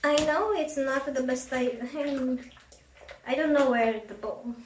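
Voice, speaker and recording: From across her home kitchen, an unhurried, high-voiced cooking vlogger chats casually, teasing herself and reasoning aloud as she cooks. The distant camera keeps her face out of frame, and the far-off mic picks up roomy acoustics and faint noise.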